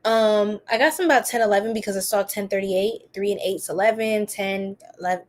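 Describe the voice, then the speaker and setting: A woman's voice: mid-range voice, a little fast. A woman hosting a live tarot reading, chatty and giggly, rambling with lots of fillers.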